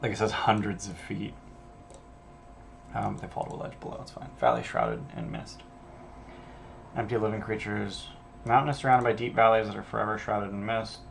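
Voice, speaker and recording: A man's voice: on the low side, level tone, fairly quick, creaky, slight background noise. A man running a casual solo prep stream as a game master, thinking aloud and reading adventure text in an offhand way, with some casual swearing.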